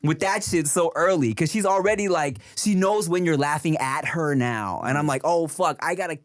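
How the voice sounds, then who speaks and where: A man's voice: a little high, normal speed. A man co-hosting a podcast, telling a story in casual chat and laughing often. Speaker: podcast co-host.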